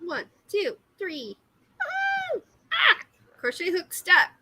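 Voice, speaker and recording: Giggly high-voiced woman in her fifties. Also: lively intonation, measured pace, background noise. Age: 50s. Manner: giggly, self-deprecating. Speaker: livestream host. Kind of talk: casual live chat while crocheting.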